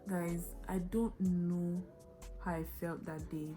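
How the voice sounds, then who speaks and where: A young Nigerian woman telling a story on her vlog, animated and dramatic, with quick shifts of pace. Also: on the low side, faint music behind. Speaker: vlogger.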